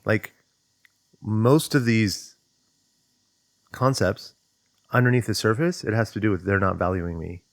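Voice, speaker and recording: Low-voiced man, thoughtful and dry. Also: creaky, no echo. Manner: thoughtful, conversational, digs into questions aloud; acts out inner voices in quotes. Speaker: self-development teacher. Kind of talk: reflective explanatory monologue.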